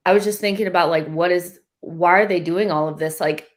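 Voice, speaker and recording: A woman with a low, deep voice joins a casual football chat, working through her ideas aloud. She leans heavily on fillers as she chats. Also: fairly even intonation, brisk. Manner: chatty, thinking aloud with many fillers.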